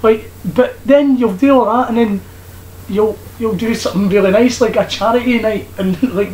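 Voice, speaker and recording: High-voiced young man hosting a jokey podcast. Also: moderate pace, a little mellow, slight background noise, rough recording. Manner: jokey, laughs often, many fillers. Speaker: podcast host. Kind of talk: casual comedic podcast chat.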